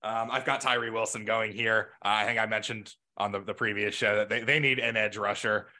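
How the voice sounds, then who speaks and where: Bright-voiced, chatty podcast co-host man. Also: fairly low pitch, level tone, fairly quick. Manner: chatty, laughs often, loose asides. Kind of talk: casual podcast chat.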